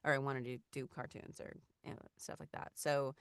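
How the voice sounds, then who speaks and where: Chatty woman with a smooth voice. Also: very deep voice, little pitch movement, fairly quick, no room sound, studio quality. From Los Angeles. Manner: chatty, many fillers and restarts. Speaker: voice actor guest. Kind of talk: casual interview chat.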